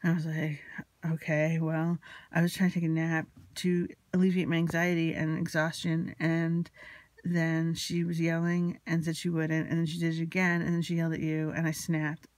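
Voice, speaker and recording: A woman's voice: deep voice, monotone, moderate pace, darkish tone, dry recording. A woman telling a personal story in an anxious, rambling, confessional way, still emotionally shaken. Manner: anxious, rambling, retelling a quarrel with quoted dialogue. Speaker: vlogger.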